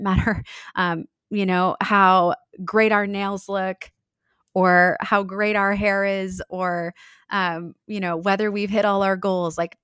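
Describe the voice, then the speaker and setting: A woman's voice: medium pitch, no echo. Sincere thirties woman guest, reflective, lots of "um, you know", dry room. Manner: earnest, reflective, many fillers. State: briefly tearful. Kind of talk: heartfelt podcast conversation.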